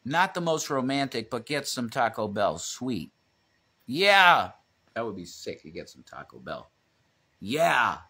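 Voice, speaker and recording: A man's voice: mid-range voice, sing-song, normal speed, bright, forceful tone. A man co-hosting a casual livestream, rambling, swearing freely and reading chat comments aloud. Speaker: livestream co-host.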